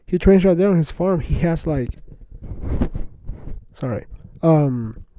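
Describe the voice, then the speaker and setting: Young male podcast host, casual rambling fan chatter, slightly raised pitch, very dark timbre. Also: slow, slight background noise. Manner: excited rambling slangy chatter, lots of "bro" and "like". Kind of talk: casual solo podcast talk.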